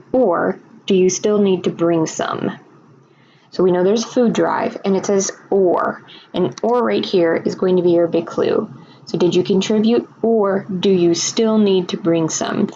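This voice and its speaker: A woman's voice: medium pitch, dark tone, lo-fi sound, a little hiss or hum. A woman teacher walking students through a recorded lesson, explaining each answer patiently and step by step.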